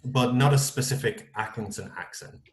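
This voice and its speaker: A man's voice: medium pitch, normal speed, reverberant. A man, teaching on a video call and answering student questions with many ums. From North-West England. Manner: hesitant, many ums and kind-ofs. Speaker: English teacher.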